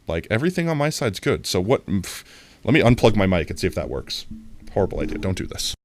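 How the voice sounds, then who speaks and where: A man with a fairly low voice streams a game live and chats casually with his viewers. His pitch swings widely as he jumps into playful, mock-dramatic outbursts, and faint noise sits behind him. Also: fast talker. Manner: animated, talks to chat, mock-dramatic outbursts.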